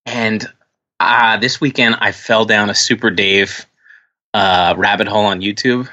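Animated storytelling male podcast co-host. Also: fairly low pitch, unhurried, lo-fi sound. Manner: animated, swears, acts out voices in stories. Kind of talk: casual chat, storytelling.

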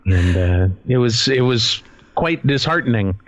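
A man in a casual podcast chat, telling stories in a slow, measured way. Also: mid-range voice, animated, no echo. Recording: dry, slightly muffled audio.

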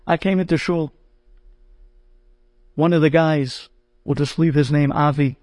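High-voiced man telling a funny story. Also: measured pace, dry recording. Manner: animated, acts out the voices of the people in his story. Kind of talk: humorous anecdote told to an audience.

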